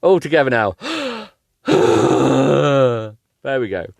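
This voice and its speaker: A man's voice: lowish voice, moderate pace, darkish tone, no room sound, studio quality. A man hosting a podcast, reading a bad book aloud and breaking off for irreverent, rambling, sweary asides. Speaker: podcast host.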